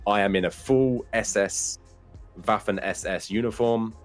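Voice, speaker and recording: A man's voice: fairly low pitch, measured pace, faint music behind. A man and guest on the show, telling a long, funny story in a casual way, swearing freely and laughing as he goes. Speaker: guest, streamer.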